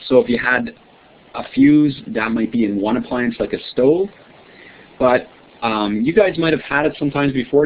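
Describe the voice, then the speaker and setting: Friendly male teacher on a tinny line. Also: medium pitch. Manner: friendly, quizzing students, checking with "right?". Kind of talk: online science lesson. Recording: tinny lo-fi line with faint hiss.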